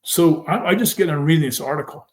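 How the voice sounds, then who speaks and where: Fervent storytelling man, slightly high voice. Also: quick pace. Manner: animated, retells scenes by quoting people; emphatic, fervent. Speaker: podcast guest, former football player. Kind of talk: personal storytelling in a conversation.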